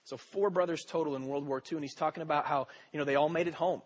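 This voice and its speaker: A man's voice: a little high, fairly even intonation, fast talker. A young adult man preaching a sermon, telling joking stories in a rambling way full of fillers. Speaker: pastor.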